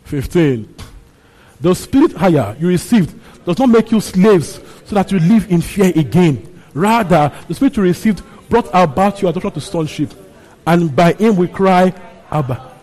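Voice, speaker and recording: A man's voice: sits high, expressive, normal speed, mellow, rough recording. A man preaching a sermon, repeating his phrases and asking the congregation questions. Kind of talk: sermon teaching on a Bible passage.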